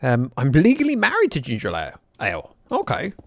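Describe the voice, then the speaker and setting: With huge pitch swings, a mid-range gravelly voice and a slightly bright tone, a young streamer talks a little fast while playing a block-building game. He's chatty and joking and reads out chat messages, and the recording is dry.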